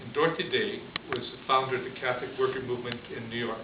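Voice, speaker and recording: Priest giving a chatty, chuckling homily story, heard from a distance on a dull, hissy recording. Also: male voice, mid-range voice, fairly even intonation, fast talker. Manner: conversational, chuckles often. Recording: distant echoey lo-fi room recording with hiss.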